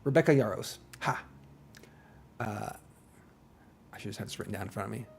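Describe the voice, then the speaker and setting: A man's voice: on the low side, a little fast, gravelly, a little hiss or hum. A man chatting casually on a live stream, rambling and self-deprecating with joking asides, and faint music playing behind him. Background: faint background music.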